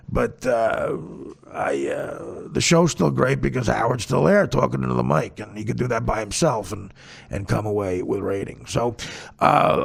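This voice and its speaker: A middle-aged man hosting a casual comedy podcast, talking and joking with his guests. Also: mid-range voice. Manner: gravelly, raspy voice, bursts into loud laughing shouts when joking. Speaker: podcast host.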